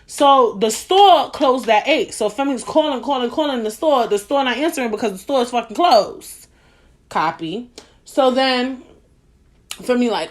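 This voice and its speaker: A young woman telling a story as a podcast host, blunt, profane and animated. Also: fairly high pitch, moderate pace. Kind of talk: casual monologue.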